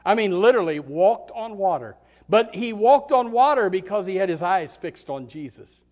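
Pastor, male, middle-aged: high voice, fiery pulpit delivery that drops to quiet pleading. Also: animated, moderate pace. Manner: impassioned, swings between shouting and soft pleading. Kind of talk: sermon.

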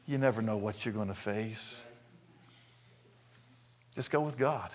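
An older man from Arkansas preaching a sermon, telling folksy stories and acting out the scenes with animated delivery. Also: lowish voice, measured pace. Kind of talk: sermon storytelling.

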